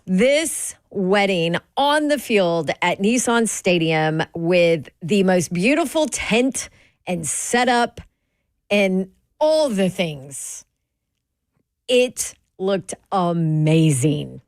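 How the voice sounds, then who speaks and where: A woman's voice: lowish voice, no room sound, studio quality. Chatty woman sports host. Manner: chatty, animated, quick back-and-forth. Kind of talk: casual sports talk.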